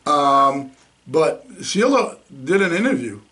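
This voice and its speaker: High-voiced blunt podcast host, man. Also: sing-song, takes it slowly, sharp tone. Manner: blunt, mocking, laughs at his own jabs. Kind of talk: political podcast talk.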